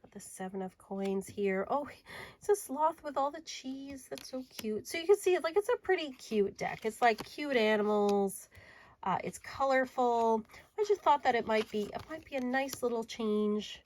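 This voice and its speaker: An adult woman showing off her tarot and oracle decks in a casual video, chatty and enthusiastic, sometimes dropping to a soft murmur. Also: a little high, expressive, normal speed, poor audio. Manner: chatty and enthusiastic, drifting to soft murmurs while handling cards. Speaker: tarot reader and deck reviewer. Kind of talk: casual show-and-tell video.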